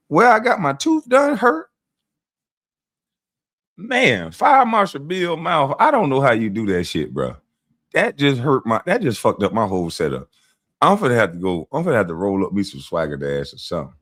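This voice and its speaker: A man's voice: mid-range voice, very animated, moderate pace, a bit bright, no echo, studio quality. A man ranting casually on his vlog, mocking and profane, often laughing. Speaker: vlogger and commentator.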